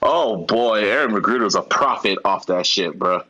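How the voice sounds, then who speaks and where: A man's voice: lowish voice, moderate pace, pushed and bright, muffled recording. A man co-hosting a casual comedy podcast, joking in slangy talk and laughing often. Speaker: podcast co-host.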